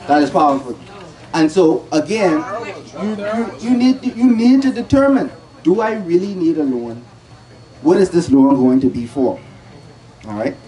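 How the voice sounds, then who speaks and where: A man's voice: on the high side, warm tone, rough recording. A man giving a financial talk, asking rhetorical questions and restarting his sentences often. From Bahamas. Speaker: presenter at a credit union talk.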